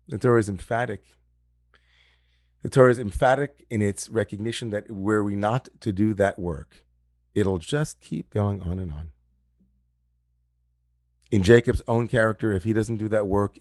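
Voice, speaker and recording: Over a video call setup, a rabbi gives a reflective sermon at an online service, returning to key phrases for emphasis. His male voice is lowish and a little mellow, and the sound is close and dry with no room echo.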